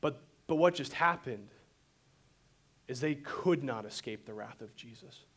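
A man preaching a sermon and telling the story in an animated way. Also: medium pitch, measured pace. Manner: animated storytelling, voices quotes dramatically. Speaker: pastor.

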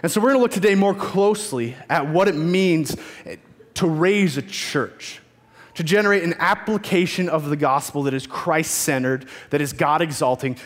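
Man, youth pastor, sermon, earnest, emphatic repetition, slightly high voice, echoing church hall.

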